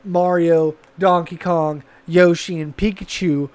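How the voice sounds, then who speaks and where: A high-pitched man co-hosts a gaming podcast in relaxed conversation. He rambles with enthusiasm, often breaking off and restarting his sentences, and his tone stays loose and chatty. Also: takes it slowly, clean tone. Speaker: podcast co-host. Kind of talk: casual chat.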